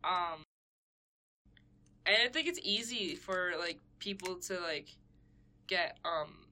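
A young woman co-hosts a casual podcast chat, laughing easily and stringing her thoughts together with "like". Her voice is bright and forward, and her pitch swoops up and down a lot. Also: animated, slow. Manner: giggly, frequent "like" fillers. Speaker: podcast co-host.

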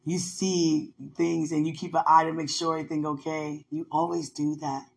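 A woman chatting on a faith podcast call. She swings between hushed murmurs and loud, laughing outbursts, and keeps telling herself to calm down. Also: low voice, normal speed, gravelly. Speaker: podcast co-host. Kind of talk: casual faith chat on a call.

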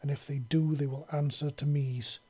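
A man voicing a huge, tender female beast-woman who speaks softly in broken grammar. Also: a little high, flat delivery, moderate pace, husky. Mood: protective. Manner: soft-spoken, broken grammar.

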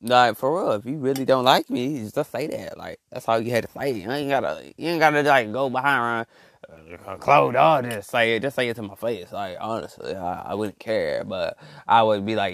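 A man's voice: medium pitch, expressive, normal speed, gravelly, no room sound, clean studio sound. A man ranting in a loose, rambling comic monologue, full of slang and filler words. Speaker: podcast host. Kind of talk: comedic rant monologue.

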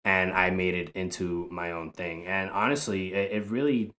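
Low soft-spoken young man. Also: fairly even intonation, normal speed. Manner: rambling, soft-spoken, with frequent fillers. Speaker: guest, content creator. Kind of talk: casual podcast chat.

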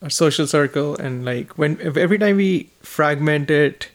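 A man's voice: on the high side, normal speed. A man talking earnestly in a casual conversation. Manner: earnest, agreeing often.

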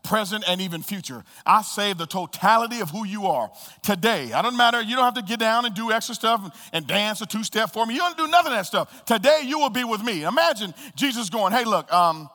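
A man preaching a sermon as pastor, swinging between soft low murmurs and high loud calls and repeating key phrases for emphasis. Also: lively intonation, brisk, few pauses, big-room sound. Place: church sanctuary.

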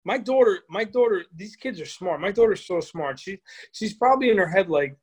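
A young adult man co-hosting a chat, telling family anecdotes in a lively, laughing way. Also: high voice, normal speed, husky. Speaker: podcast co-host. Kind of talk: casual chat.

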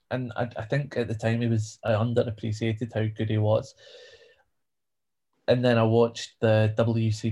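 A man's voice: fairly low pitch, warm tone. A man co-hosting a casual wrestling podcast, opinionated and jokingly self-important. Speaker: podcast co-host.

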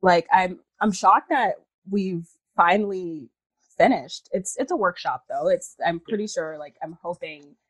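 Female actor as guest, casual chat, lower voice, dry close sound, lively with quick asides. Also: slightly rough, no room sound, low-quality recording. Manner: animated storyteller, laughs, puts on voices. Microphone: video call.

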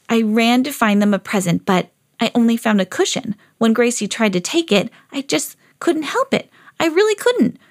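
A woman reading a children's storybook aloud as a lovable, eager female pet dog. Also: a little high. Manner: earnest storybook reading, rising excitedly.

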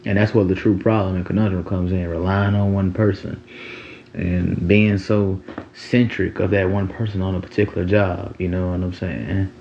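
A man's voice: sits low, level tone, normal speed, vocal fry, muffled recording, a little hiss or hum. A man in his twenties talking in a loose, rambling monologue full of slang and "you know what I'm saying.". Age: 20s. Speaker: podcast host. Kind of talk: casual monologue.

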